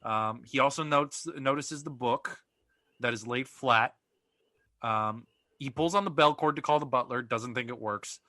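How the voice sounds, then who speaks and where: A man's voice: mid-range voice, a little slow, sharp tone, no room sound. A man co-hosting a podcast in casual chat, recapping plot at length with plenty of ums and uhs. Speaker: podcast co-host.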